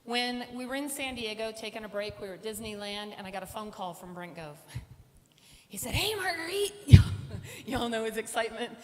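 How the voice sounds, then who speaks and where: A woman's voice: medium pitch, fairly quick, fairly bright tone. A middle-aged woman speaking on stage at a conference, telling a personal story and acting out the voices of the people in it. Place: large conference hall. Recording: reverberant hall with faint room noise.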